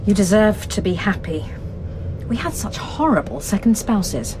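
A woman's voice: medium pitch, sing-song, a little slow, noisy background. A woman playing a fussy, anxious mother in a comedy drama. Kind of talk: sitcom acting.

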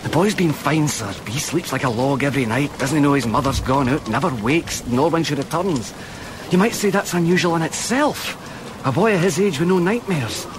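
A nervous young palace guard played by a man in a radio drama, deferential to his officer. His voice sits high and swings about, with clear background noise behind him. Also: lively intonation, moderate pace, close to an everyday voice. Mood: uneasy. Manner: deferential, nervous, keeps saying sir. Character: uneasy young royal guard soldier.

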